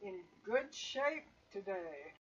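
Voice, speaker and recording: A woman running a tabletop game as game master, narrating in a relaxed, rambling way with plenty of fillers. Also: medium pitch, slow pace, husky. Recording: dull lo-fi stream audio with faint hiss.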